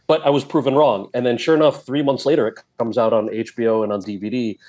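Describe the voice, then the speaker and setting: Man telling an animated story. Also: mid-range voice, fast, few pauses. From New Jersey. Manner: animated, acts out quoted dialogue. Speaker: guest. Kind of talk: casual storytelling.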